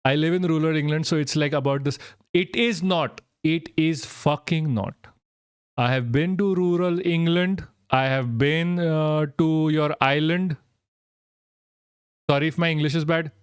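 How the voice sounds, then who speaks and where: A man's voice: a little high, steady tone, normal speed, smooth, no echo, studio quality. A young Indian man hosting a live stream, ranting bluntly and with lots of swearing as he answers viewer comments. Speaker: livestream host.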